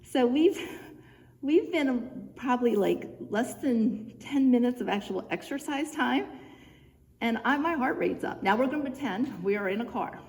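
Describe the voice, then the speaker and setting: Unhurried yet animated, a woman whose voice runs a little high coaches viewers through simple home exercises, chatting encouragingly and cueing each move in sequence. Doing the workout with them leaves her slightly out of breath. She's recorded indoors in a church room that echoes, with faint background noise.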